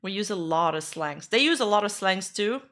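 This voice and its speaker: Bright-voiced woman streamer. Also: mid-range voice, lively intonation, normal speed. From Quebec, Canada. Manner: chatty, rambling, frequent "like" fillers. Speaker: streamer reacting to clips. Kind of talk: casual reaction chat.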